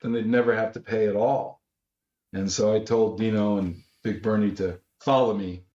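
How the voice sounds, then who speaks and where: A man's voice: lowish voice, fairly even intonation, moderate pace, mellow. A man from Los Angeles, an author and guest, telling a story and acting out quotes with a raised voice. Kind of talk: animated storytelling. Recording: roomy, slightly dull audio.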